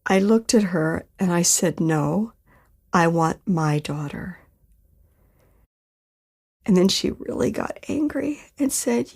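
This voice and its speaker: A woman telling a personal story for a podcast in a slow, measured way, pausing often. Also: fairly low pitch, expressive, creaky, a little mellow, slightly rough. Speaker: storyteller recounting her own experience.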